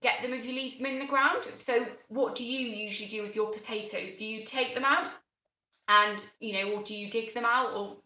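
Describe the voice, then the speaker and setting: Flustered, excitable woman, roomy echo. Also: a little high. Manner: flustered, excitable, halting with many restarts. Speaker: gardening channel host. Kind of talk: live stream chat.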